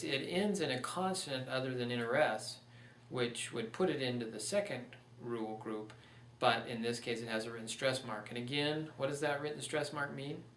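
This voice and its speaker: A male teacher records a lesson, calmly working through one example after another. His voice sits a little away from the mic in a reverberant room, with a faint hum of ambience behind it. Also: mid-range voice, distant mic. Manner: patient, walks through examples step by step. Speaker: Spanish teacher. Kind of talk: recorded online lecture.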